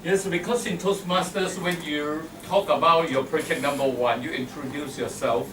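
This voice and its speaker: A man's voice: on the high side, steady tone, moderate pace. A man with a Thai accent giving an instructive, jokey club speech, acting out pronunciation examples. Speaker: Toastmasters meeting evaluator. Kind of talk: club speech with humorous anecdotes. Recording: echoey room from far off, faint noise.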